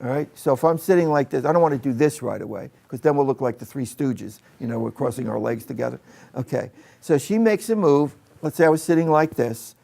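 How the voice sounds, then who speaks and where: A man's voice: mid-range voice, brisk, vocal fry, dark tone. A man training teachers in a live workshop, chatting with his audience and demonstrating with a volunteer in a training room.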